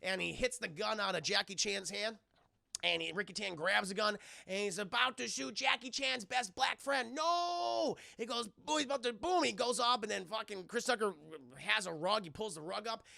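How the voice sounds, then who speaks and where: A man recapping a film on a live stream, animated and profane, talking to his chat. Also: high-pitched, moderate pace, creaky, dry recording, clean studio sound.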